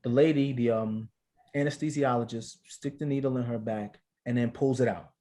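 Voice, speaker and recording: Animated man telling a story. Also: medium pitch, moderate pace. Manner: lively anecdote-telling with casual slang. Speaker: podcast guest, father and actor. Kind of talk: casual storytelling.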